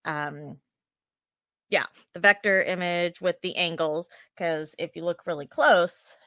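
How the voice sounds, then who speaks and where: A woman's voice: lowish voice, slow, sharp tone, dry recording. Chatty woman cohosting a podcast, laughs a lot, dry close mic. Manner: chatty, laughs often, thinks aloud. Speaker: podcast co-host. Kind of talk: casual chat recapping a TV episode.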